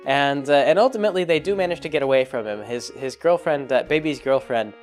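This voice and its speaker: A man casually recapping a film, rambling and joking as he corrects himself along the way. His voice sits at an ordinary mid pitch. Faint music plays underneath. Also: brisk. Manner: rambling, jokey, full of fillers and self-corrections. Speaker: vlogger.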